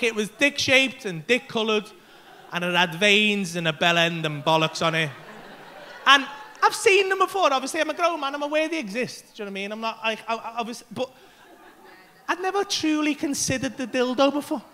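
A brash, sweary stand-up man in his thirties, working a club stage. His voice sits very high and bright, with a sharp, forceful edge. He throws in sudden shouts as the story builds. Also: lively intonation, moderate pace. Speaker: stand-up comedian. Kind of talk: stand-up comedy set.

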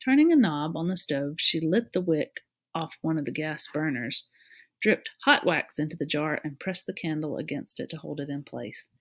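Woman, storybook reader, clear steady narration, lower pitch. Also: normal speed. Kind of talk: reading a children's novel aloud.

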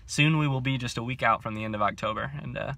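A young man in his twenties chatting to camera about books, excitable and self-mocking, with frequent laughs, filming on a handheld phone. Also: mid-range voice, fast talker, gravelly, no room sound. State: overcaffeinated. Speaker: book vlogger. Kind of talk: casual chat to camera.

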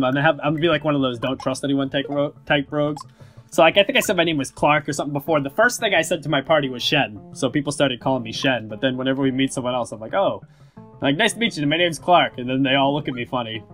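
A man's voice: on the high side, fairly bright tone. A man giving rambling, casual commentary while playing a video game, often swearing. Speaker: gaming YouTuber. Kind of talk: casual let's-play commentary.

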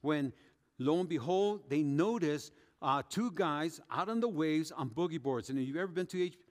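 High-voiced pastor preaching in a reverberant church. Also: male voice, normal speed. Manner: animated storytelling, acting out quoted speech. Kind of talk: sermon. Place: church sanctuary. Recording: long hall reverb.

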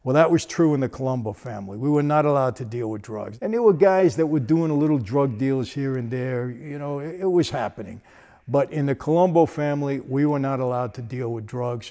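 A man's voice: mid-range voice, brisk, warm tone. A man, telling a story in a casual, conversational way with frequent asides. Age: 60s.

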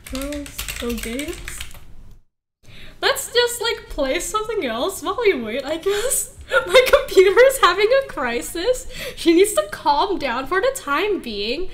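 Bright, giggly woman streamer. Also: sits high, a little hiss or hum. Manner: giggly, rambling, frequent laughter. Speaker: game streamer. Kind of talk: casual live-stream chat while playing.

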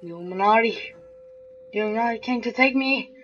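A woman's voice: fairly high pitch, a little fast, fairly bright tone, highs cut off, faint music behind. A woman giving let's-play commentary on a horror game, jumpy and swearing, taunting the game's characters. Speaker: gamer playing a horror game.

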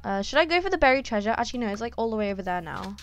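A woman giving casual gameplay commentary, chatty and excitable, with lots of ums and quick exclamations. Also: a little high. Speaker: gaming YouTuber.

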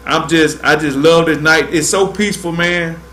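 Laid-back man, fairly high voice. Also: normal speed, fairly bright tone, a little hiss or hum. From Georgia, US. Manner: laid-back, drawling, says "man" constantly. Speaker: fishing show host. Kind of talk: casual livestream chat.

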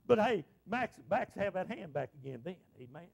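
A middle-aged preacher speaks to his congregation in a folksy way, exclaiming and repeating himself as he goes. His voice sits very high for a man and carries a gravelly rasp. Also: big pitch swings, moderate pace, hardly any pauses. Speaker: pastor. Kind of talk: preaching a sermon. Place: church sanctuary.

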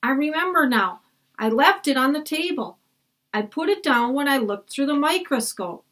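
A woman's voice: sits high, lively intonation, moderate pace, a bit bright, voice pushed up. A woman voicing a worried young boy in a storybook. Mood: anxious.

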